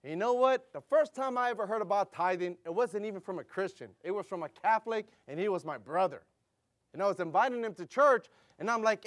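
A middle-aged man preaching a sermon, telling stories with animated delivery, laughing and acting out voices. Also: high-pitched, fairly quick. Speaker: pastor.

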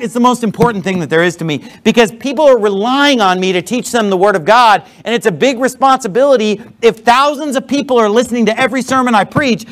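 A man's voice: extremely high pitch, a bit bright. A man preaching a sermon as a pastor in a church, blunt and emphatic, with sarcastic asides. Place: church with a responding congregation.

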